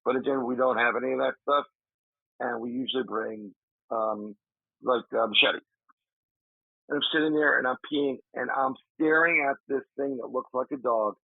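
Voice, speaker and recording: A man, a paranormal investigator, telling an animated story in a casual interview, acting out his friend's shouts. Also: medium pitch, moderate pace, vocal fry, dry recording. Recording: dry tinny remote call audio.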